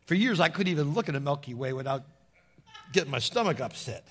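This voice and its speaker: Middle-aged male preacher, slightly higher pitch, husky tone, folksy sermon delivery. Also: animated, fast talker, a bit bright. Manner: folksy storytelling, calls out "Amen?" to the congregation.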